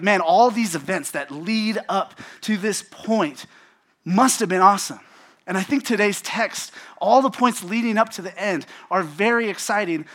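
Young male preacher, slightly high voice, casual lively storytelling sermon. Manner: animated storytelling, acts out quotes.

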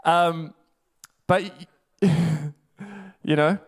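A man's voice: fairly high pitch, a little slow. A man preaching a casual, conversational sermon, laughing often and tossing in rhetorical asides.

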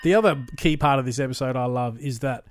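A man co-hosting a podcast in casual, playful chat, acting out kids' lines in high voices. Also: fast talker, no echo, clean studio sound. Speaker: podcast co-host.

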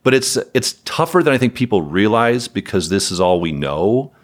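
A man with a low voice, lively and swinging in pitch, telling candid business stories as a podcast guest. He is wry and frank and chuckles now and then. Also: normal speed. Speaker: property management company president, guest. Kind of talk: podcast interview conversation.

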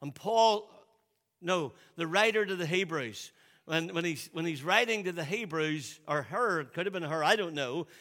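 A man's voice: animated, normal speed, a bit bright, big-room sound. A man preaching a sermon in a loose, conversational way, often repeating and restarting his words. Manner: conversational, repeats himself, drops to a low voice for quotes. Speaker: pastor.

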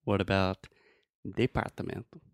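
A man teaching English pronunciation in a relaxed, friendly chat, often demonstrating sounds. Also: low-pitched, normal speed, dry recording.

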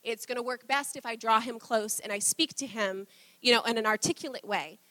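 Woman preacher, high and bright, close dry sound, casual sermon with frequent laughs. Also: brisk, no echo. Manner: chatty, laughs often, acts out quotes. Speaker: pastor. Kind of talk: conversational sermon.

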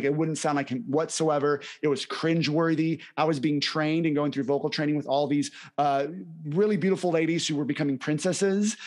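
A young man co-hosting a podcast in casual chat, upbeat and enthusiastic, laughing often. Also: fairly high pitch. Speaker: podcast co-host.

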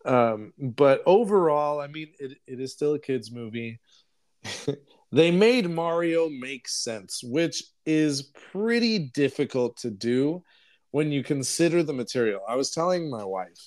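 A man's voice: on the high side, lively intonation, a little slow, a little mellow. A young man co-hosting a podcast, casually recapping a film in a rambling way and laughing often. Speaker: podcast co-host. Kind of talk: casual chat, movie review.

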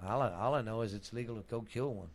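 A man's voice: lowish voice, fast. A man co-hosting a casual podcast, joking around and goofing off. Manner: goofy, does silly accented cow impressions. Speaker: podcast co-host.

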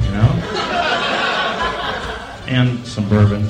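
A man doing stand-up comedy, telling a story in a deadpan, halting way. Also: medium pitch, over loud music. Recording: roomy live club recording. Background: crowd laughter.

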